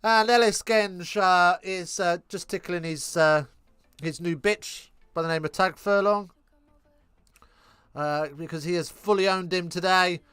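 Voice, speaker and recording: A high-voiced English man calls the match live and bounces between rude, cheeky jokes with viewers and excited play-by-play. His voice sounds close and dry, with no room around it. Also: unhurried, smooth, no room sound. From England. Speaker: live stream commentator. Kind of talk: casual live match commentary, reading chat.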